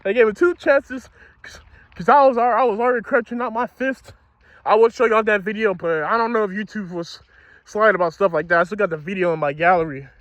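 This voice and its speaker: A man's voice: high-pitched, fairly quick, a bit bright, no room sound. A young man telling a story from his school days in a casual, slangy, profane way, speaking outdoors.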